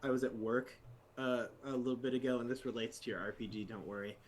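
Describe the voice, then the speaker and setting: A man co-hosting a tabletop game podcast in casual chat, telling an exasperated story with big jumps in pitch. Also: steady tone, quick pace, a loud crowd. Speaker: podcast co-host.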